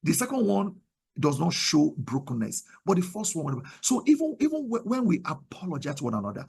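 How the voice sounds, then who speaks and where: A middle-aged Nigerian man with a Nigerian accent preaching a sermon in a conversational, animated way, often repeating words. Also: high-pitched, fairly quick, creaky, husky. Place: virtual service, remote.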